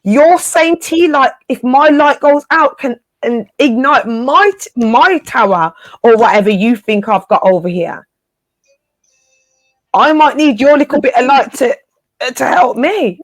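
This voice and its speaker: There's no echo as a woman whose voice sits high speaks expressively at a measured pace. She's co-hosting a casual spiritual live chat, uplifting her audience with informal slang and repeated phrases for emphasis.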